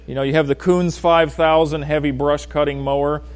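A man preaching a sermon in a folksy, joking way, talking straight to people in the congregation and swinging from loud emphasis to quiet asides. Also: on the high side, flat delivery, moderate pace. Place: church.

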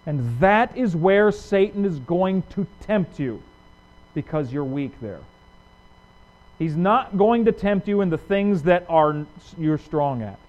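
A male pastor preaching a sermon, asking rhetorical questions and swinging from loud emphasis to hushed lines. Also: high-pitched. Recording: dull lo-fi recording.

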